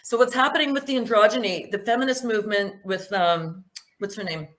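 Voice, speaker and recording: A woman's voice: medium pitch, brisk, a bit bright. Emphatic woman asking rhetorical questions. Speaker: speaker giving a presentation. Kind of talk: spoken presentation with Q&A.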